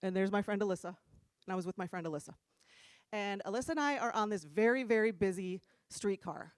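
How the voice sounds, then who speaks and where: A middle-aged woman from New Jersey preaching in a church room, telling stories in a casual, animated way and laughing often. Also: medium pitch, quick pace, clear, resonant tone, no echo. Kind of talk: casual storytelling sermon.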